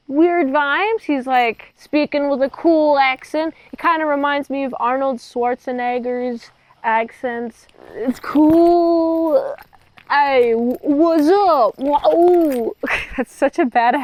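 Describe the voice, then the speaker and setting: A high-voiced woman recaps a horror movie for her channel. She is chatty and joking, and she rambles into asides. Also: no room sound, poor audio. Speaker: movie reviewer. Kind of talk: casual film recap.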